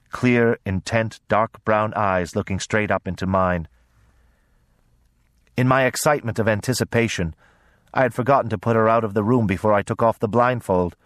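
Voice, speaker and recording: Man, audiobook narration, lowish voice, dry close sound, measured and gentle. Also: dry recording. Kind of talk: scripted narration.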